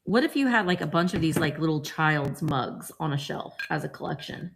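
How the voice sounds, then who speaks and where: Animated woman chatting through a vintage haul. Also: low-pitched, normal speed, gravelly. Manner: chatty, reads out viewer names, playful voices. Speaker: vintage reseller host. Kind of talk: live-chat haul vlog.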